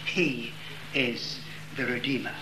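A man preaching a sermon, reading scripture slowly and leaning hard on the key words. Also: medium pitch, fairly even intonation. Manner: slow, emphatic reading of scripture with stressed words. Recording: roomy echo with faint room noise.

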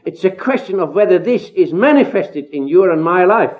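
A man's voice: high-pitched, expressive, normal speed. A man preaching an expository sermon, earnest and emphatic, with rhetorical questions and rising exclamations. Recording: tinny phone-like sound.

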